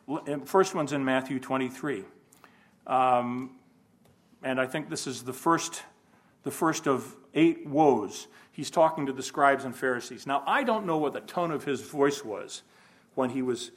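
A man's voice: medium pitch, a little slow. A man giving an informal Bible lesson, thinking aloud, asking rhetorical questions and adding folksy humor. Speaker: Bible class teacher.

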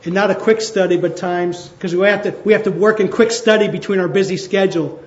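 High-voiced male pastor preaching in an echoey hall. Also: steady tone, muffled recording. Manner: conversational, with slowed emphatic phrases. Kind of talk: sermon.

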